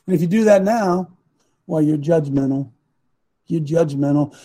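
Fiery high-voiced male host. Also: normal speed. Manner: impassioned, swings to shouting. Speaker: host and coach. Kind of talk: fiery preaching talk.

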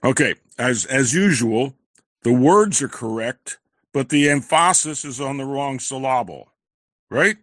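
Dry, measured man on a call. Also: mid-range voice, expressive, fairly bright tone, no echo. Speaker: caller. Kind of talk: casual chat.

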